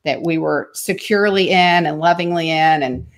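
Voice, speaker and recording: A middle-aged woman telling an earnest personal story in an interview, her voice dropping hushed in tender moments. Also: deep voice, normal speed. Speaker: speaker and author on homeschooling.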